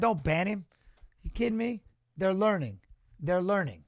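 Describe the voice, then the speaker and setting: A middle-aged man doing live-stream watch-along commentary on a fight, excitable and rambling, talking back to his chat. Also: high voice, a little slow, no room sound.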